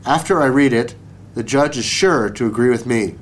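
A man's voice: mid-range voice, moderate pace, a little hiss or hum, natural voice. A man doing a blustering hot-tempered baker. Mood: indignant. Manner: blustering and self-righteous. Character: indignant male town baker, hot-tempered.

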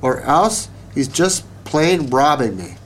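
Self-righteous baker for a storybook, loud and indignant, read by a man. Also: fairly high pitch, big pitch swings, slow pace, slight background noise. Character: indignant male town baker, hot-tempered.

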